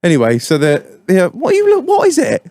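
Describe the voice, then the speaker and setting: A man's voice: high-pitched, fast, no room sound. A man hosting a podcast, telling a sweary story in a casual, laughing way. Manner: sweary, laughing, animated anecdotes. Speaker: podcast host. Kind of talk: casual pub-style storytelling.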